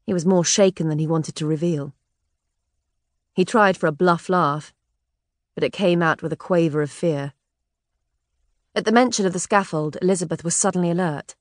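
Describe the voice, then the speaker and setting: Low-voiced woman narrating an audiobook. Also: normal speed, no echo, clean studio sound. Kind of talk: scripted narration.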